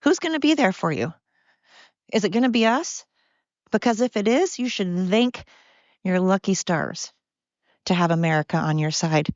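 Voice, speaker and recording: A woman's voice: medium pitch, moderate pace, pauses often, no echo, dull audio. A middle-aged woman hosting a podcast, out of breath as she walks outdoors in the cold, talking in a blunt, profane, sarcastic rant. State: out of breath from walking. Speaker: podcast host. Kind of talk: casual ranting monologue.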